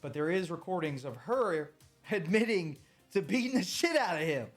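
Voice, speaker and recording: A man on a live stream, talking in a slightly high voice with lots of emphasis and plenty of swearing. He keeps circling back to the same points in loose, casual speech. Soft music plays faintly behind him. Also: expressive, moderate pace. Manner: emphatic, profane, repeats points.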